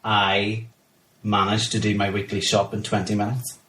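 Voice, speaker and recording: A man co-hosting a podcast in casual chat, croaky from a cold and joking about himself. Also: fairly low pitch, flat delivery, normal speed, a bit bright, roomy sound, a little hiss or hum. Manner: joking, self-mocking. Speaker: podcast co-host.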